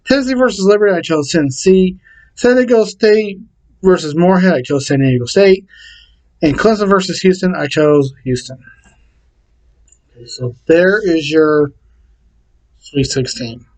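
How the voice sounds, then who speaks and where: A man casually talking to camera and reading out his picks in a plain, repetitive way with halting restarts. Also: sits high, rough recording. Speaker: vlogger.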